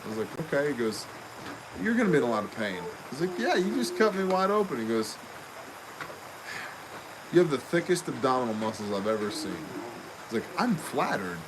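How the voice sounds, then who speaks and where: A man hosting a casual talk show, telling stories in a lively way and acting out what other people said. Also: medium pitch, brisk, pauses often, background noise. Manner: animated, acts out quoted people. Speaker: show host. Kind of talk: casual storytelling chat.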